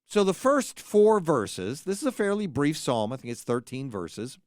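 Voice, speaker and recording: A man's voice: on the high side, sing-song, moderate pace, a little mellow, no room sound, clean studio sound. A man hosting a podcast, teaching a psalm in a casual, wry way and reading verses aloud with emphasis. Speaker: podcast host teaching scripture.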